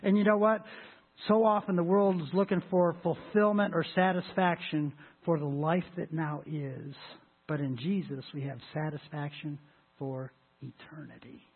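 A man preaching a sermon as pastor, with a husky voice and an emphatic delivery that swells loud and high on scripture. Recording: tinny lo-fi phone-like sound.

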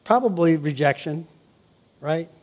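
An older man preaching a sermon as pastor, animated with laughing asides and playful exclamations. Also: on the high side, measured pace.

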